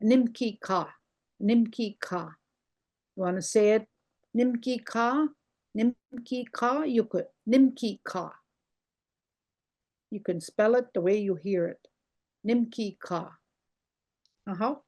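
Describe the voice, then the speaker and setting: Slow, patient older woman teaching words. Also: mid-range voice, warm tone. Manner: slow, repeats words carefully, explaining pronunciation. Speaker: language teacher. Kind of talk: online language lesson.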